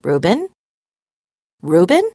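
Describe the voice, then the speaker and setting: A woman voicing a caring mother who is worried about her son, speaking gently and anxiously. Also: fairly low pitch, huge pitch swings, takes it slowly, husky, no room sound, clean studio sound, heavily acted. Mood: calling out.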